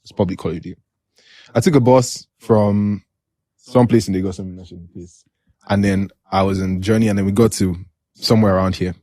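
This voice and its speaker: A young Nigerian man hosting a podcast, telling a story in lively casual chat and laughing often. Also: sits low, a little fast, dry recording, studio quality. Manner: animated, laughs often while telling stories. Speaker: podcast host.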